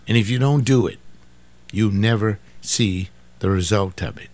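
An older man delivers an informal sermon in a somewhat low voice. He talks in a loose, conversational way and hammers points home by repeating short phrases. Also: fairly even intonation, measured pace, pauses often, a little mellow. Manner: repetitive, emphatic, conversational preaching. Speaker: pastor.

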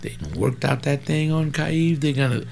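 A man's voice: fairly high pitch, fairly even intonation, normal speed, vocal fry, background noise. A man in his seventies preaching in an informal, rambling way, fervent, with folksy asides and sudden bursts of emphasis. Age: 70s.

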